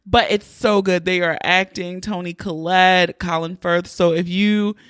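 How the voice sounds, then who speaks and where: A woman's voice: on the low side, fairly even intonation, a little slow, clear, resonant tone, dry recording, studio quality. Chatty, profane woman podcast host. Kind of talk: casual podcast monologue.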